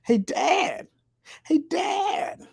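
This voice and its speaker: A man voicing a whiny young cartoon boy calling for his dad in a high, pleading impression. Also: lively intonation, drawn-out words, gravelly, dry recording, clean studio sound, full character voice. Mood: whining.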